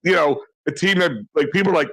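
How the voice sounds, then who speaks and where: A man talking sports on a podcast, excitable and rambling with many restarts. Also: a little high, quick pace, gravelly, dry recording, rough recording. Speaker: podcast co-host. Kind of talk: casual sports chat.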